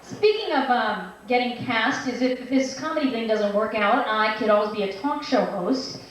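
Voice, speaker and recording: A woman in her twenties performing a stand-up set in a small restaurant, delivering deadpan setups and slipping into playful voices. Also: a little high, moderate pace. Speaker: stand-up comedian. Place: small restaurant venue, live reading night. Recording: echoey room, distant mic, faint noise.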